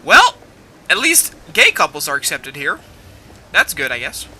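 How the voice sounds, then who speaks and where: Young man, excitable let's play commentary, very bright tense voice, rambling. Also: fairly high pitch, measured pace, a little hiss or hum, low-quality recording. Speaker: gaming video host.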